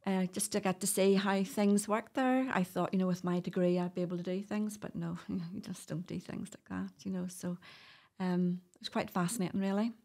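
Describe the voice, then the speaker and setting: A woman's voice: medium pitch, fairly even intonation, normal speed, hardly any pauses, darkish tone. A middle-aged woman with a Northern Irish accent, chatting as a podcast guest and telling stories with frequent laughs. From Northern Ireland. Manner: chatty, storytelling, laughs often. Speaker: guest doula. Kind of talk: casual podcast interview.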